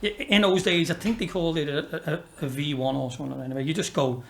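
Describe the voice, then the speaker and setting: The guest, a Liverpool-accented racehorse owner in his fifties from Liverpool, England, speaks fast in a fairly high, steady, creaky voice that's a bit bright. It's casual chat full of rambling, sweary yarns and frequent laughs.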